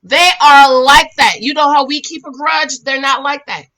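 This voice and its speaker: A woman talks through a reality show episode in a sassy, animated recap. Her voice is bright and sits a little high. She scolds the people on screen and swings between loud outbursts and quiet asides. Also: moderate pace. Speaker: reality TV reviewer. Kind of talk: casual recap commentary.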